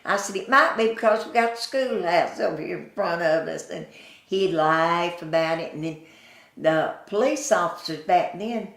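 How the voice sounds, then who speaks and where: A woman's voice: on the low side, gravelly, fairly bright tone, roomy sound. An older woman with a Southern US accent, telling folksy stories in an oral history interview. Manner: slow, folksy, chuckling storyteller who acts out quoted voices.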